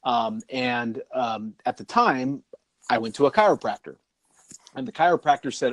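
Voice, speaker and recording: A man's voice: medium pitch, normal speed, dry recording. A man co-hosting a podcast in casual chat, rambling and laughing often as he talks. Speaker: podcast co-host.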